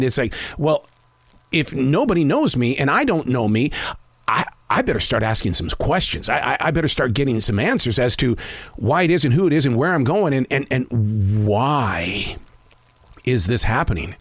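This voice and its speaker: A man in his fifties hosts his own podcast, delivering a casual solo monologue that rambles and turns self-reflective, with frequent stammered restarts. His voice is husky and medium-pitched, in a dry recording.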